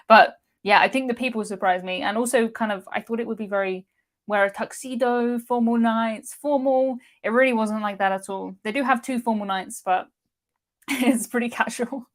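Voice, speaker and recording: A woman hosting a cruise live stream, chatting casually and reading out viewer comments with frequent laughs. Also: fairly high pitch. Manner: chatty, laughs often, excitable.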